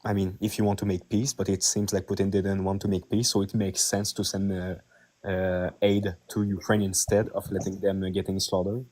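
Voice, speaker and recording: A man's voice: low-pitched, little pitch movement, moderate pace, darkish tone. A man from Quebec with a French Canadian accent, pressing questions in a political debate. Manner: persistent questioning. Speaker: debate participant.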